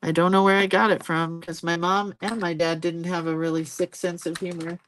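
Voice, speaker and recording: A woman's voice: fairly low pitch, flat delivery, a little fast, slight background noise. A woman in her sixties hosting a live drawing stream, chatting casually as she paints. She laughs often and jumps between stories and viewer comments.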